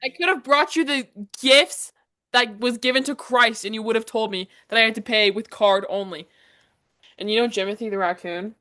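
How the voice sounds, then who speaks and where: A young woman co-hosting a podcast, chatting casually and rambling quickly through her stories. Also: fairly high pitch, bright, forceful tone. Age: young adult. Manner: fast, rambling storytelling. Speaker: podcast co-host. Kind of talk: casual chat.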